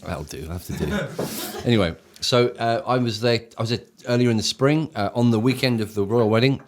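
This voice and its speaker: A man's voice: mid-range voice, brisk, background noise. An English church leader co-hosting a casual talk show, speaking enthusiastically and often restarting his sentences. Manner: enthusiastic, searching for words with frequent restarts.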